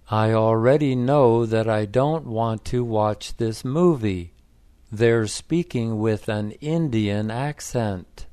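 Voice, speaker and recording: A man's voice: on the low side, dark tone, clear, resonant tone, dry recording. A man reading a blunt, fed-up wife.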